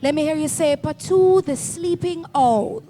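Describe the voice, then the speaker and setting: Hosting a reading event for schoolchildren, a woman with a high, dark-toned voice speaks unhurriedly, leading the crowd through firm, coaxing call-and-response prompts.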